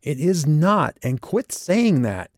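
A man voicing a grieving, sharp-tongued young woman in an audiobook, with his voice raised and tearful. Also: lively intonation, moderate pace, creaky, no room sound, clean studio sound. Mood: grieving, bitter. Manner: raised pitch, tearful and bitter.

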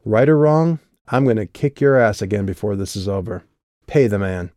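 A man's voice: on the low side, animated, normal speed, dark tone, no echo, clean studio sound, natural voice. Man voicing a curt, sneering tough young woman. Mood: defiant. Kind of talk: audiobook character voice.

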